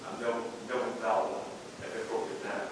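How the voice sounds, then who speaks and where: A man, a judge being honored, gives brief remarks from the floor far from the mic, in a quick, flat, self-deprecating way. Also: lowish voice. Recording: roomy hall audio with crowd murmur.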